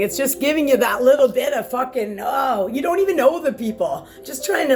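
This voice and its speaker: A woman's voice: high-pitched, animated, brisk, few pauses, darkish tone, soft background music. A woman vlogging from home in a casual, heated rant, rambling and swearing with lots of restarts, filmed by a camera set far back in the room. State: sore back.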